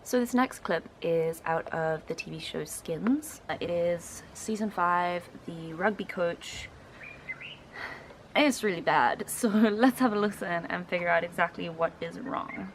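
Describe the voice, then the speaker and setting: A South African linguistics student in her twenties explains accents in a reaction video, sounding hesitant and saying "um" a lot. Her voice is on the low side and a little slow, with slight background noise.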